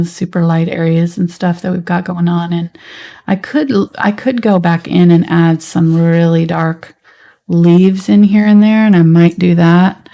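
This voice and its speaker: Gravelly, mellow-voiced painting teacher woman. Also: lowish voice. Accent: Southern US. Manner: relaxed, chatty, thinking aloud while painting. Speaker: painting instructor. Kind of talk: live painting tutorial.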